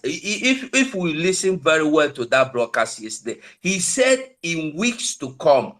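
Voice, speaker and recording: Nigerian guy preaching his point slow and hard, pidgin mixed in, kinda high voice. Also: a bit bright. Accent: Nigerian English with Pidgin. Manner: preaching, emphatic, mixes Pidgin into English. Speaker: invited speaker on an online call. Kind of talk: impassioned political talk.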